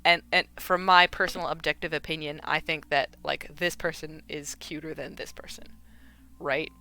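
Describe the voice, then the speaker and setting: A woman's voice: sits low, steady tone, moderate pace, bright, forceful tone. A woman with a Midwestern American accent chatting casually on a live stream while she crafts, rambling and filling with "like" and "you know.".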